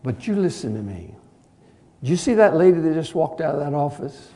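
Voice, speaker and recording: A preacher voicing a fellow pastor, speaking quietly, earnestly and firmly. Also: male voice, on the high side, sing-song, brisk, voice pushed up. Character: firm, earnest male pastor.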